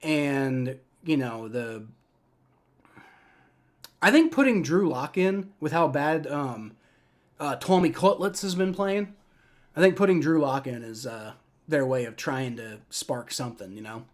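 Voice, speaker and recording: Frustrated, excitable young male fan. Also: mid-range voice, a little slow, long pauses. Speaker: livestream reaction host. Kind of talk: live play-by-play reaction.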